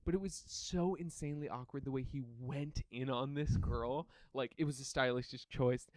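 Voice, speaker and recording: A man co-hosting a podcast, telling a story in casual chat, laughing often and acting out quotes with sudden jumps in pitch. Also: fairly even intonation, moderate pace, darkish tone, dry recording. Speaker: podcast co-host.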